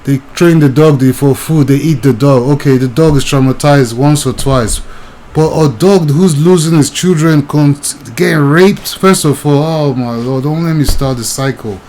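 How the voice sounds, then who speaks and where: A man's voice: a little high, normal speed, a little mellow, a little hiss or hum, rough recording. A young man, ranting agitatedly and talking straight to the viewer in video commentary.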